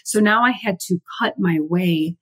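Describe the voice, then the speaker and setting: A woman co-hosting a podcast, telling a travel story in casual chat, animated and swearing casually. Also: mid-range voice, a little slow, slightly rough. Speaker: podcast co-host.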